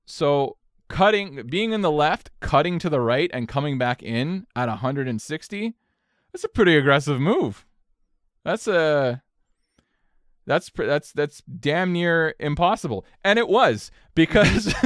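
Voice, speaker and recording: A young man tells a wild story on a podcast, casual and loose with his language. His voice is smooth and clear, and it sits in a dry, close-miked room. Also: a little high, no echo. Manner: animated, profane storytelling with swings in energy. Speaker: podcast co-host.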